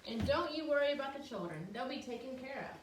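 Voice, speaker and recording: A woman's voice: sits high, animated, fast talker. Eccentric cheerful teacher, voiced by a woman, storybook, theatrical, distant mic. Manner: theatrical, mysterious. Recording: echoey room, distant mic, faint noise.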